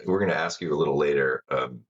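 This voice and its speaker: A man co-hosting a podcast, asking measured questions in casual interview chat, heard over a dull, muffled line. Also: rumbling low, crowd noise.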